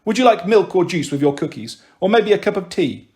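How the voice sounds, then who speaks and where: A man's voice: high-pitched, sing-song, brisk, darkish tone. A man voicing a fussy, proper middle-aged mother who scolds her daughters primly, in an audiobook reading. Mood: scolding. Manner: scolding, prim.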